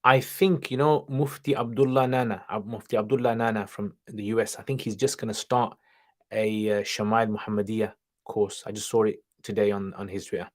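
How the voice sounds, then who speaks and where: Guy w a lowish voice doing a chill livestream q&a, reads out questions and answers offhand, drops arabic greetings. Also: fairly even intonation, brisk. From studied nine years in Pakistan, now in England. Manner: sprinkles Arabic greetings and religious terms. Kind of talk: casual Q&A livestream.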